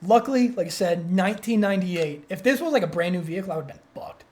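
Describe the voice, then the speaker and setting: A man's voice: high-pitched, lively intonation, fast talker, darkish tone, slight background noise. Young guy cohosting a podcast, swears a ton, rambly and worked up, keeps restarting sentences. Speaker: podcast co-host. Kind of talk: casual storytelling chat.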